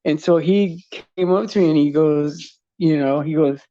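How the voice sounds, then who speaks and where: A man from the United States hosts a livestream, rambling casually with fillers and restarts and chuckling often as he talks. His voice is a little high and warm at a normal speed, with no room sound, though the lo-fi recording is dull.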